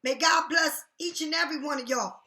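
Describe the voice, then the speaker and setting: A woman with a high, bright voice, talking to her viewers as a tarot reader. She is blunt, heated and freely profane. The sound carries an echo from the room. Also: fairly quick. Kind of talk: casual direct-to-camera rant. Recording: echoey room.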